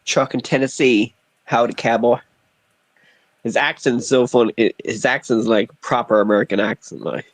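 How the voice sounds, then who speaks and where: An Irish-accented man chimes into a casual group chat with short, offhand lines. His voice sits at a middle pitch and sounds dry and close, with no room echo. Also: fairly even intonation, moderate pace. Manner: brief, offhand remarks.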